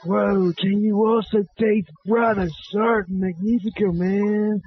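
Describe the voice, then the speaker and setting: A man's voice: high voice, fairly even intonation, takes it slowly, breathy edge, full character voice. A young man putting on a drawling, dreamy stoner voice that ends lines with "man", on dull lo-fi audio. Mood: spaced-out. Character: spaced-out stoner dude, slow and dreamy. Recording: dull lo-fi stream audio with faint noise.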